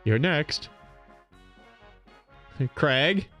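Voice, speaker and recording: A man co-hosting a podcast, reading this-day-in-history items in a joking, animated way. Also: a little high, faint music behind. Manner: animated, joking, quick to laugh. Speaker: podcast co-host.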